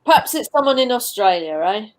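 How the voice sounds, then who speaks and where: A woman's voice: fairly high pitch, big pitch swings, a little fast, crowd noise. A woman on a live chat show, making playful, teasing remarks.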